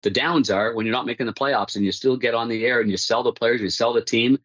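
A man's voice: medium pitch, fairly even intonation, fast, a bit bright, husky, dry recording, highs cut off. A man, a hockey broadcaster, recounting stories casually in an interview, with frequent restarts and laughter. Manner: rambling, many restarts, laughs at own stories.

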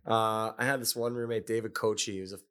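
A man's voice: lowish voice, fairly even intonation, fairly quick, a bit bright, smooth. A middle-aged man, a former pro hockey player, telling chatty anecdotes with chuckles and loose fillers. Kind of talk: casual storytelling chat.

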